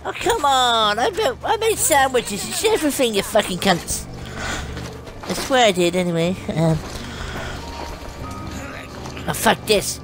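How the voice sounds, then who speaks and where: A woman giving brash, profane comedic commentary while playing a game, yelling insults at enemies. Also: high-pitched, sing-song, a little slow, music in the background. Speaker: gameplay commentator. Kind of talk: comedic let's-play commentary. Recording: game sounds loud behind the voice.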